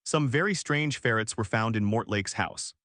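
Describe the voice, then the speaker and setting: A man's voice: on the low side, moderate pace, a bit bright, dry recording, studio quality, lightly acted. A man voicing a tired, kindly middle-aged wizard father who grumbles in a chatty way.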